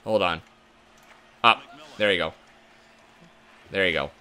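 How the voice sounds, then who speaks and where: A young man doing live gameplay commentary, easily frustrated, swearing and breaking into loud outbursts. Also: low voice, takes it slowly, clean tone. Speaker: gaming channel host.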